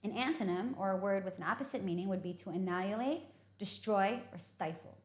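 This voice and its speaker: A woman's voice: medium pitch, brisk. A woman teaching English vocabulary, explaining patiently and often checking in with "okay?". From United States. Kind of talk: vocabulary lesson. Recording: echoey room.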